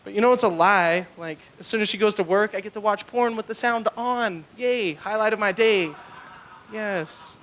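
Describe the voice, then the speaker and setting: High-voiced young stand-up comic. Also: male voice, moderate pace, fairly bright tone. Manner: rambling, filler-heavy, crude. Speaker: stand-up comedian. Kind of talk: stand-up comedy set. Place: comedy club stage, live.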